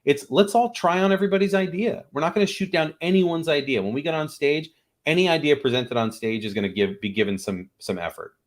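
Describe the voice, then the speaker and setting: A man's voice: fairly high pitch, a little fast. A man, an improv teacher and guest on the show, talking in a casual interview and acting out little voices in his stories.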